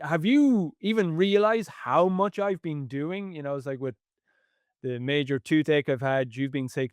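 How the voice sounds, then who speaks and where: Male podcast co-host, earnest and emphatic, mid-pitched, dry close sound. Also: clean tone, dry recording. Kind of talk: reflective podcast talk.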